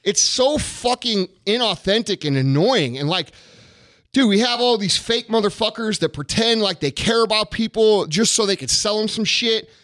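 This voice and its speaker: A man in his thirties vents on his podcast in a blunt, heavily profane rant, frustrated and fired up. His voice sits high for a man. The sound is close and dry. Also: moderate pace, fairly bright tone, no room sound. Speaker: podcast host. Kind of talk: casual ranting talk.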